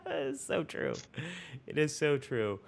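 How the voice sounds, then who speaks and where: A man's voice: fairly high pitch, slow pace, creaky. A man co-hosting a casual livestream chat, reading out viewer comments in an upbeat way over a video call. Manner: reads viewer comments aloud, lively and upbeat. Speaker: co-host.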